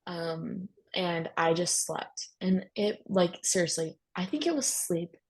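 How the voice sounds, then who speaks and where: Husky candid young woman, low gravelly voice. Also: slow, rough recording. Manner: candid, talks in bursts with many fillers. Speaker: guest sharing her story. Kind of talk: casual personal storytelling.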